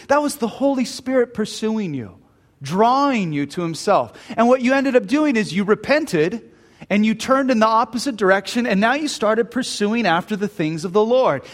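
An earnest male preacher delivers an emphatic sermon at a men's retreat. His voice sits fairly high, and he often restarts mid-sentence. A long hall reverb trails his words.

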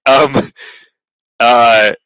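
Podcast co-host, male, bright and crisp, stammering, sweary, casual chat on a dry-sounding mic. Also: medium pitch, fairly even intonation, extremely slow, dry recording, poor audio. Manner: stammering restarts, repeats words; profane, exasperated rants.

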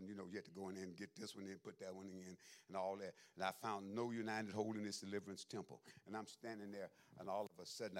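A man preaching a sermon to his congregation, telling folksy stories with humor and dramatic leaps into high, loud exclamations. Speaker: pastor. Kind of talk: sermon with storytelling.

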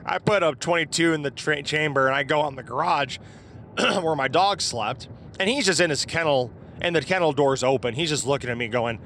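Bright-voiced man telling a spooky story. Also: a little high, fairly quick, slight background noise. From southeast Iowa, USA. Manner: rambling, informal, with mild swearing and fillers. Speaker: guest sharing a personal encounter story. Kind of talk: casual storytelling.

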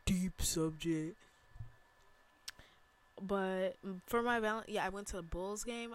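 Slow, rambling young woman podcaster. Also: mid-range voice. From Chicago. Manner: chatty and rambling, laughs easily, slangy. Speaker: podcast host. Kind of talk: casual solo podcast chat. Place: bedroom.

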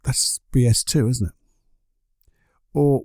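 A man's voice: mid-range voice, expressive, normal speed, warm tone, no echo, clean studio sound. A man hosting a solo podcast, talking conversationally and asking the listener rhetorical questions. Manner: conversational, asks rhetorical questions, briefly acts out other people's excuses. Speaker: podcast host.

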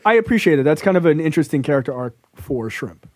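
A man's voice: a little high, very animated, fast talker, a little mellow, no room sound. A man co-hosting a podcast, chatting casually about a film, loose and profane, laughing often. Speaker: podcast co-host.

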